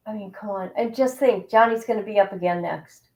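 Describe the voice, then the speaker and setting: A woman's voice: mid-range voice, brisk, darkish tone, low-quality recording. A woman hosting a casual livestream chat about a trial, making exasperated, sarcastic asides. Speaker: livestream host.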